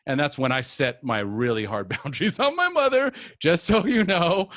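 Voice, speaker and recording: A man's voice: fairly high pitch, lively intonation, normal speed, a bit bright, no echo, studio quality. A middle-aged man leading a live group recovery coaching session, talking earnestly and repeating key phrases for emphasis.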